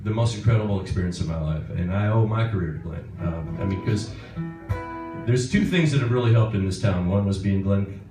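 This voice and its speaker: A guitarist telling a rambling, chuckling story on stage. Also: male voice, lowish voice, brisk, over music. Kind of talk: onstage anecdote. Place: concert stage. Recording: echoey hall, far from mic, noisy.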